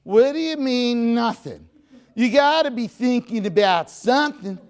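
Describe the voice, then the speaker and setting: A man voicing an exasperated middle-aged wife who nags her silent husband in a shrill, complaining rant. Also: animated, a little slow, clear, resonant tone.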